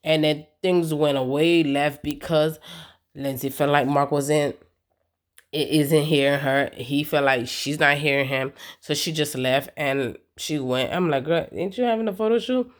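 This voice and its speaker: A woman's voice: low voice, flat delivery, a little slow. A woman giving a casual, emphatic, slangy recap of a reality TV episode, talking straight to her viewers. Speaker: TV recap vlogger.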